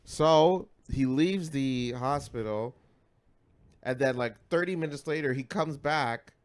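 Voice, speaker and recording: A man co-hosting a podcast, telling a story in casual, profane, animated talk that swings between loud and mumbled. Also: medium pitch, slow. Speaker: podcast co-host.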